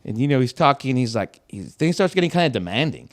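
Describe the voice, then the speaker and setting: A man's voice: medium pitch, fast talker. A young man, a podcast host, telling a casual story with lots of swearing and acted-out quotes. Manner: animated, swearing, acts out quotes.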